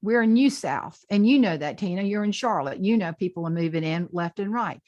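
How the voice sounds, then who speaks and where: A Southern woman from the South Carolina Lowcountry, a humorist and speaker, telling folksy stories in an interview and laughing often. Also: lively intonation, brisk, darkish tone, no echo, dull audio. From Southern United States. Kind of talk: storytelling interview chat.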